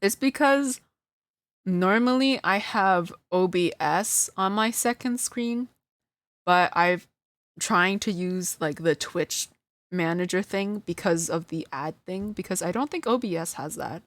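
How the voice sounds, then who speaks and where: A woman's voice: fairly low pitch, unhurried, no room sound. A woman streamer chatting casually to her live chat, flustered and self-deprecating, often breaking into laughter. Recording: dry close sound.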